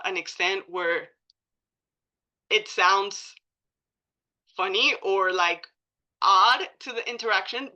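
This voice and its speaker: Woman trainer at a meeting, bright tone, informal and chatty, muffled room recording. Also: medium pitch. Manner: casual, many likes and ums, self-correcting. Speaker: presenter at a coalition meeting.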